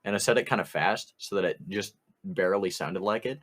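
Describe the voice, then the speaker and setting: A man's voice: low voice, fairly quick, fairly bright tone. A young man co-hosting a podcast, rambling through an anecdote in casual chat and laughing often. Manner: rambling anecdote, quoting others with "I was like", frequent laughs. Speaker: podcast co-host.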